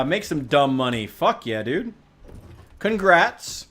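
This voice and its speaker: A man's voice: fairly high pitch, big pitch swings, slow, fairly bright tone. A man chatting casually while streaming a game, ranting with profanity and sarcasm. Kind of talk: casual gaming stream chat.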